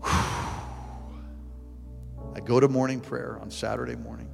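A man preaching a sermon and telling a story, animated, acting out the voices and breaking into shouts at high points. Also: a little slow, vocal fry. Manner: animated, acts out quotes, bursts into shouts. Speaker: pastor. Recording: live church sound with long reverb and music underneath.

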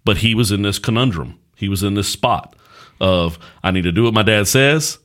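Low-voiced man telling a folksy story. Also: moderate pace, a bit bright. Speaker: pastor and podcast host. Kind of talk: casual podcast chat.

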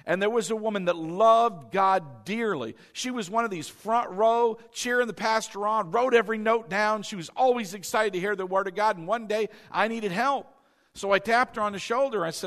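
A man with a high voice preaching a lively sermon. He keeps getting the congregation to say phrases back to him. His delivery is animated and conversational. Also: normal speed. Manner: animated, calls the congregation to repeat after him. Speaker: pastor.

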